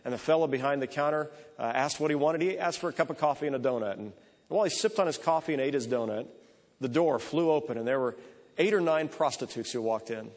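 A man's voice: a little high, fast talker, darkish tone. A man preaching a sermon, telling a story in a conversational way that strings lines together with repeated ands. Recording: echoey hall.

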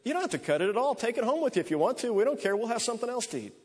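A man voicing a gruff, blunt, chubby diner cook with a soft heart. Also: extremely high pitch, big pitch swings, rapid-fire, voice pushed up, exaggerated voice. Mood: generous. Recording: echoey hall.

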